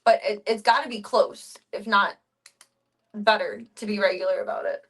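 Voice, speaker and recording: A woman's voice: medium pitch, steady tone, moderate pace, fairly bright tone, poor audio. A young woman streaming casual chat, talking freely with casual swearing. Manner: chatty, swears casually, coos in baby talk to her cats.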